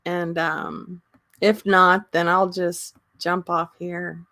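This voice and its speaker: A woman hosting a casual livestream, talking slowly with many pauses and ums and often laughing. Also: on the low side, level tone, sharp tone, no echo. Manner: slow, halting talk with frequent ums and laughter. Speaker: livestream host.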